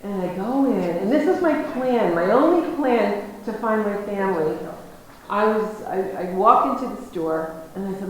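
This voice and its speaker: A woman's voice: mid-range voice, lively intonation, normal speed. A woman from the United States telling a personal story as a guest lecturer, rambling and restarting her sentences. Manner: rambling, self-interrupting, many restarts. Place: lecture hall. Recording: very echoey hall, faint noise.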